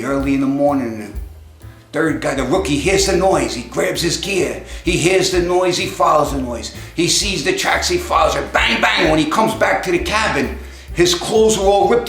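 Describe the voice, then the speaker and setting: A man telling a string of jokes, acting out each character's lines with lively voices. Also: on the high side, moderate pace, reverberant, soft background music. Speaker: joke teller.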